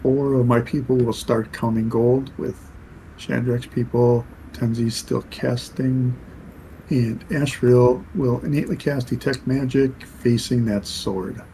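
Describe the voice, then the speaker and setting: A man takes part in a tabletop game, laying out his characters' actions plainly. His voice is mellow, and faint noise sits under the voice-chat audio. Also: mid-range voice, fairly even intonation, a little slow, low-quality recording. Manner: matter-of-fact, stating character actions. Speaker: player.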